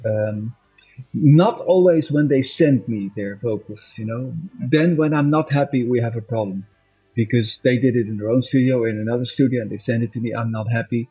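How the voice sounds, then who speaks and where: Casting: husky-voiced male musician, loose chatty interview, dull lo-fi sound, faint music behind. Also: mid-range voice, normal speed, warm tone. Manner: rambling, self-correcting, laughs often. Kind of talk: casual interview chat.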